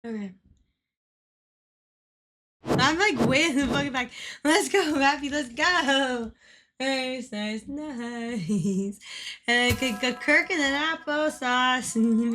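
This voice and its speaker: A young woman livestreams casual chat over game music, greeting viewers by name, laughing often and swearing freely. Her voice is high-pitched, pushed and bright, she speaks slowly, and there's slight background noise.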